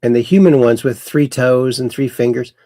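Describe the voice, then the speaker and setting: A man's voice: medium pitch, normal speed, mellow, dry recording, studio quality. A man hosting a casual livestream, rambling and reading viewer comments aloud. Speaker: host.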